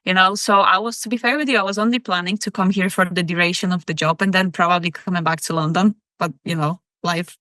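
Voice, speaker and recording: A woman's voice: on the low side, fairly even intonation, fast talker, few pauses, sharp tone, dry recording. A woman in her thirties from Poland, with a Polish accent, chatting openly as a podcast guest. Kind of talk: casual chat.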